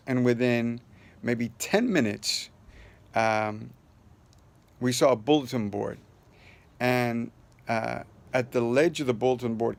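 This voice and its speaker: A man's voice: mid-range voice, creaky. A man casually telling a personal story to the camera in a loose, rambling way, full of fillers and restarts. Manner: earnest, upbeat sign-off. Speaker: vlogger sharing a personal story.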